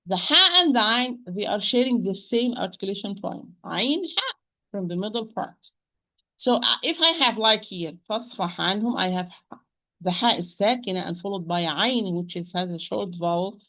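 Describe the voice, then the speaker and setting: A woman with an Arabic accent teaching Quran pronunciation, repeating sounds slowly and patiently to demonstrate them. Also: mid-range voice, bright, forceful tone. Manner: addresses listeners as "my dear sister". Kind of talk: pronunciation lesson.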